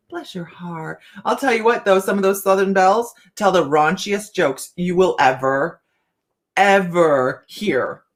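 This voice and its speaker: A middle-aged woman hosts a casual live chat, reading tarot cards and addressing viewers by name while laughing often. Her voice is mid-range, with a little hiss or hum on the recording.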